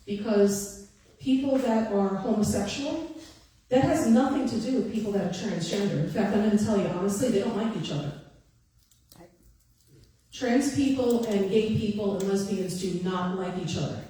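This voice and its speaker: A woman's voice: medium pitch, moderate pace, dark tone. A woman in her fifties giving a candid, emphatic personal testimony to an audience, repeating short phrases for stress. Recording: echoey hall, voice from far off.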